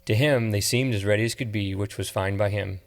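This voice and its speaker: Male audiobook narrator, lower voice, measured delivery. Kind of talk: scripted narration.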